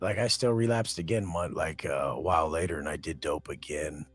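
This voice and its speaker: A man's voice: rumbling low, a little fast, breathy edge, no room sound, faint music behind. A man as a podcast guest, telling blunt, aggressive stories and swearing constantly, often acting out confrontations. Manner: acts out quoted confrontations. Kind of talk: profane storytelling in a podcast interview.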